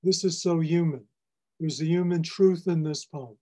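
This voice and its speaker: A poet giving a library lecture on poetry, explaining lines in a measured, teacherly way. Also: male voice, on the high side, dark tone. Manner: measured, explanatory, reads lines aloud for emphasis. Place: public library presentation.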